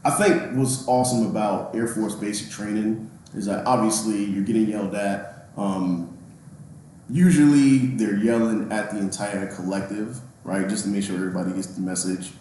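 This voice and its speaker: A man guesting on a casual interview podcast, speaking in a relaxed, reflective way and chuckling now and then. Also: fairly low pitch, normal speed. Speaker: recruiting training and evaluation NCO, guest. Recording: very echoey room with faint background hum.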